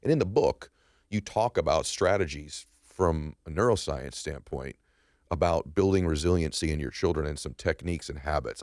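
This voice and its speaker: Very deep-voiced, reflective podcast host. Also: male voice, dry recording, studio quality. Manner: reflective, self-aware conversational questioning. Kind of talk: podcast interview.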